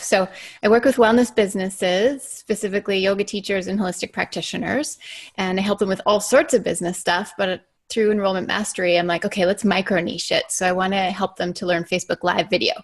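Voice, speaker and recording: A woman caller on a live coaching call, asking her question in a casual, chatty way. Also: medium pitch.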